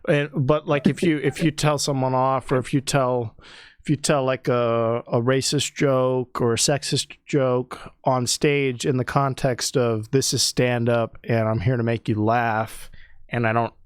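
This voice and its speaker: A man's voice: medium pitch, level tone, unhurried, smooth, no echo, studio quality. A young man, a comedian hosting a podcast, talking in a rambling, thoughtful way with frequent restarts. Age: young adult. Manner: rambling, self-correcting, thoughtful. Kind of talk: casual podcast chat.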